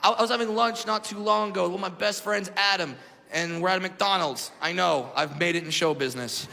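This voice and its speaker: A man performing a stand-up comedy set on a club stage, loud and animated, shouting his punchlines. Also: high-pitched, a little fast, gravelly, music in the background. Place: comedy club stage before a live audience. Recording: reverberant club with crowd laughter.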